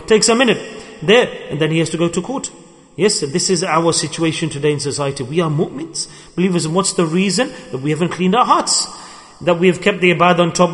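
A man's voice: fairly high pitch, a bit bright. A man giving an emphatic sermon. He questions his listeners directly and calls for their answers. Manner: emphatic, questions the audience and demands call-and-response. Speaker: preacher. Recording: long hall reverb.

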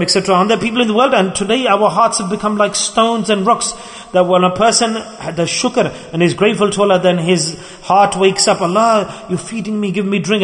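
Impassioned preacher man in reverberant hall. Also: high-pitched. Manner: impassioned, rhetorical questions, dramatizes quoted speech. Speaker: Sufi preacher. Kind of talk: sermon.

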